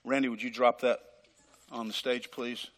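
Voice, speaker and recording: A man's voice: mid-range voice, level tone, normal speed, fairly bright tone. A man preaching a dramatic sermon as pastor, acting out conversations with God, recorded live in a church. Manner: dramatic, acts out dialogues with God. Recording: live hall reverb.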